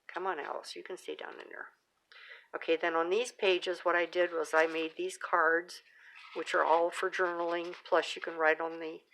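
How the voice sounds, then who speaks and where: A middle-aged woman hosts her own craft channel, showing off her handmade work in a casual show-and-tell full of fillers and restarts. Her lowish voice is creaky and bright, with a forceful tone.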